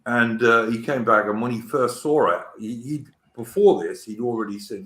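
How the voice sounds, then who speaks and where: A man's voice: mid-range voice, normal speed, fairly bright tone, reverberant. A British man hosting a casual chat show, telling stories in a chatty way with lots of restarts. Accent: British English. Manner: chatty storyteller with many restarts and stammers. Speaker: podcast host.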